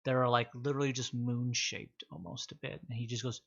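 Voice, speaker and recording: Game master: male, descriptive tabletop narration, mid pitch, dull lo-fi sound. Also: little pitch movement, a little fast, creaky, a bit bright. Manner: descriptive narration with filler words.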